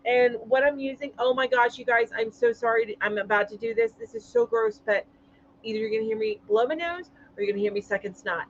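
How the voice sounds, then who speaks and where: High-voiced chatty woman hosting a live stream. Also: fast, dull audio, slight background noise. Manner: chatty, greets viewers, laughs often. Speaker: livestream host. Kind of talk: casual live chat.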